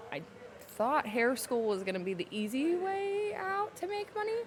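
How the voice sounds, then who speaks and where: A young adult woman, a podcast guest telling her personal story candidly and emotionally, slowing down to hold back tears. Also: sits high. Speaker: podcast guest, salon owner.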